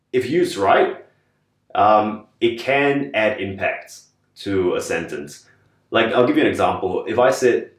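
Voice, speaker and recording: A man's voice: lowish voice, roomy sound, far from the mic. A songwriter talking plainly about his writing in a casual interview, laughing along at jokes.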